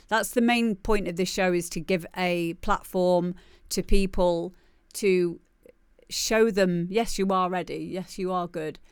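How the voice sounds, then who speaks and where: A woman's voice: lowish voice, clear, resonant tone, no echo, clean studio sound. A woman hosting a live music demo show, chatting casually and laughing often. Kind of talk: casual live-stream chat.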